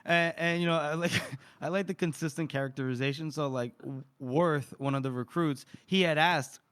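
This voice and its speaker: A man with a fairly high voice co-hosts a casual podcast about a book. He walks through a scene in a loose, chatty way, laughing along as he goes. He slips into quick, raised voices whenever he quotes the characters. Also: a bit bright, clean tone. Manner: laughs often while retelling scenes. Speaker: podcast co-host.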